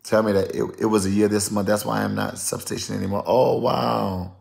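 Gravelly low-voiced minister. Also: male voice, brisk. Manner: chatty and lively, calling out names and places. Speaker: prophetic minister. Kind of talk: casual live-stream chat greeting viewers.

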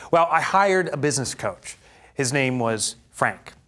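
A man's voice: medium pitch, lively intonation, measured pace, a bit bright. A man presenting a business workshop live before a studio audience. He tells stories animatedly, laughs at his own anecdotes, and slips into the voices of the people he describes.

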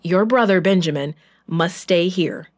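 A woman voicing a stern, powerful man who tests his brothers, speaking low and commanding in a children's Bible story. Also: unhurried, lightly acted.

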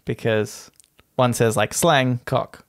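A man's voice: mid-range voice, fairly even intonation, takes it slowly. A man hosting a podcast, reading a list aloud and laughing often in casual comedic chat. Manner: giggly, reads out a list, laughs a lot. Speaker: podcast host.

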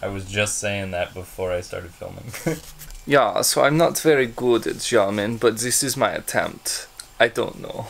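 A man's voice: on the low side, lively intonation, unhurried, creaky, a bit bright, a little hiss or hum. A young man hosting a casual date vlog, talking in a hesitant way and stumbling over repeated words. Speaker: vlogger host.

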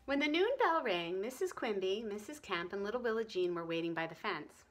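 A woman's voice: medium pitch, lively intonation, fairly quick, a bit bright. A woman reading a storybook aloud to children, asking them friendly questions. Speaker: reader for children.

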